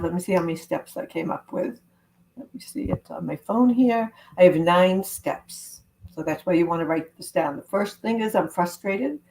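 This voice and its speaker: Gentle earnest woman coaching viewers, kinda low voice, spiritual self-help talk. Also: poor audio. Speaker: love coach.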